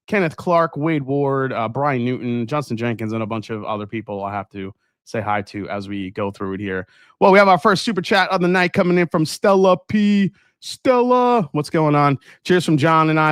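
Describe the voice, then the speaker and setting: A man's voice: medium pitch, dry recording, studio quality. A man hosting a casual livestream tasting, upbeat, greeting viewers by name and reading their comments aloud. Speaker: livestream host.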